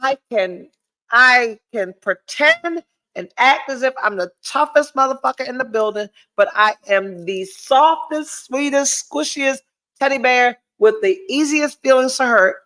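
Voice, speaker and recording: A woman talks to her audience in a slightly high voice. She is blunt and profane and tells her story with lively energy. Her nose sounds stuffy. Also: a little slow, low-quality recording. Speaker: podcast host. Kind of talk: candid solo livestream chat.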